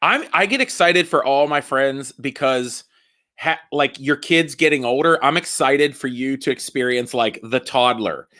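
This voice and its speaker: A man in his thirties, a comedian guest chatting casually and excitably, swearing and joking about his kids. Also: mid-range voice, measured pace. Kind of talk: casual podcast chat.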